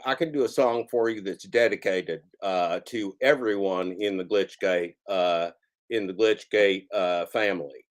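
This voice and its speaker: A man hosting a comic karaoke livestream, rambling and halting, who talks about himself in the third person with mock-grandiose showman patter. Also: fairly low pitch. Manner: rambling, halting, restarts mid-phrase. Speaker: karaoke stream host.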